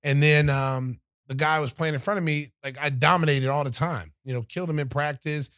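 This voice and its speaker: A middle-aged man with a clean-toned voice on the high side speaks a little fast, recorded at studio quality with no room sound. Hosting a podcast, he tells a story in casual chat, animatedly acting out the words of others.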